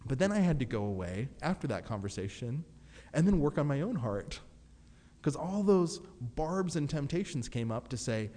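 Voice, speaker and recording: Animated warm-voiced male preacher. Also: on the high side, moderate pace, long reverb tail. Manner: conversational, laughs often, acts out quotes. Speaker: pastor. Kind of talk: sermon.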